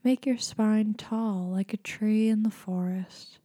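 A young woman doing a whispered role-play as a mock-serene meditation guide, talking slowly in a hushed whisper with deadpan dark asides. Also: mid-range voice.

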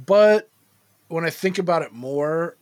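A man's voice: on the high side, a little slow, a little mellow, dry recording. A man co-hosting a movie podcast, talking in a rambling, profane, casual way with lots of fillers. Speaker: podcast co-host. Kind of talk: casual movie-review chat.

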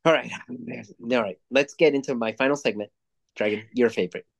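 A young man rambles through movie reviews in casual podcast chat, swearing freely and getting animated as he tells a story. His voice sits at an ordinary middle pitch for a man. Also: normal speed, gravelly, slightly rough. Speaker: podcast co-host.

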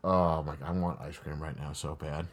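A man's voice: a bass voice, steady tone, normal speed. A young man in casual chat, watching a movie with a friend, joking, swearing and laughing often.

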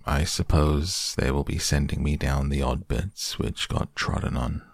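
A man voicing a gloomy, self-pitying old male donkey who talks in a slow, mournful, sarcastic way in a storybook reading. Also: very deep voice, vocal fry, no room sound, clean studio sound, full character voice.

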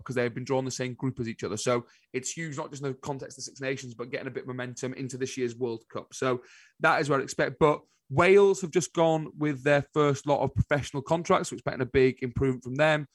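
A man co-hosting a casual chat show, telling stories in an animated, exasperated way. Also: mid-range voice, fairly quick, no room sound. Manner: animated storytelling, exasperated asides. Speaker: podcast co-host.

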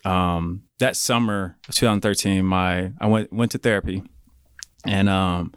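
Man, 30s, podcast guest, low voice, dry close sound, casual storytelling, lots of fillers. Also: a little slow, clear, resonant tone, no echo. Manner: relaxed, leans on fillers like "like" and "you know".

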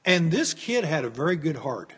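A man's voice: fairly high pitch, sing-song, moderate pace, fairly bright tone, breathy edge. An older American man telling personal stories in a folksy, rambling way, with many fillers and restarts. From United States. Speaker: interview guest. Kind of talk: personal storytelling. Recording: echoey room with long reverb.

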